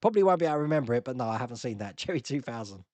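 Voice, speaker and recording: A man's voice: medium pitch, sing-song, very fast, a little mellow, no echo. A man hosting a casual live-stream Q&A, chatting and laughing as he answers viewer comments.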